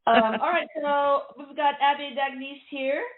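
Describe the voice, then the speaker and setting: A woman's voice: sits high, fairly even intonation, normal speed. Middle-aged woman host, rambling chatty talk, echoey room, tinny phone-like sound. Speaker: radio show host. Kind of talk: casual chat.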